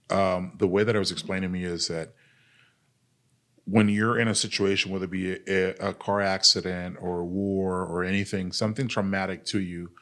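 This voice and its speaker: A man's voice: deep voice, fairly bright tone. A man, an army veteran and podcast guest, telling his story in a casual, candid way, blunt and profane, full of "like" and "dude". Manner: earnest, speaks openly about pain and recovery.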